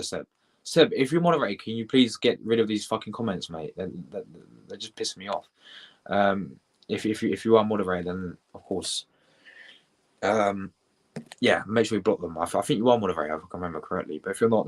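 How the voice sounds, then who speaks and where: A young British man hosting a live football reaction stream, chatty and excitable, swearing and shouting out viewers in his chat. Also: lowish voice. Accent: British English. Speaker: football livestream host.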